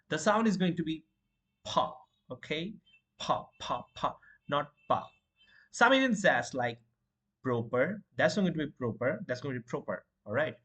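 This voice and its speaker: A man with a husky, slightly breathy voice leads a beginner pronunciation lesson. He talks slowly, breaking English into single sounds and example words and repeating them patiently. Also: medium pitch, pushed and bright. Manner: repeats sounds and words slowly, with fillers like "you know" and "all right".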